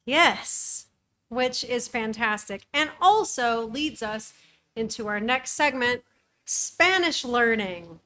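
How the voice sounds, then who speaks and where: A woman's voice: a little high, animated, takes it slowly. A young American woman co-hosting a casual travel podcast, opinionated and emphatic. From United States. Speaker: podcast co-host. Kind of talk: casual chat.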